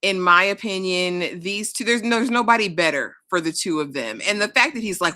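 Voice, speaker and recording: Bright-voiced woman giving blunt opinions. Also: medium pitch, lively intonation, fairly quick, few pauses, no echo. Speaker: show co-host. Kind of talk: casual TV recap chat.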